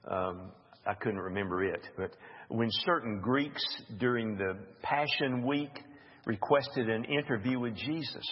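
Husky slow-spoken man teaching scripture. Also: fairly low pitch. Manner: slow, musing, reads scripture aloud with asides. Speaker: Bible teacher. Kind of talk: informal Bible study teaching. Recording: dull lo-fi recording with long hall reverb.

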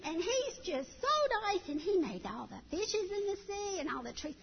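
An eager little boy of two rambles on and on, his high voice bouncing with excitement, as a woman puts him on. The sound is muffled and carries a long hall reverb. Faint room ambience sits underneath. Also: normal speed, creaky, a little hiss or hum, full character voice. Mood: excited rambling. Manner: rambling and excited, won't get to the point.

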